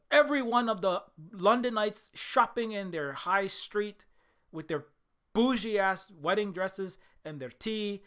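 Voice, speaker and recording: A man's voice: high voice, sharp tone, smooth. A man voicing a fiery male militant, ranting defiantly.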